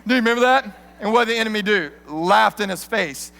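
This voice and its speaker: Animated joking male preacher in a big hall. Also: high voice, fast talker, creaky. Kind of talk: sermon. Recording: long hall reverb.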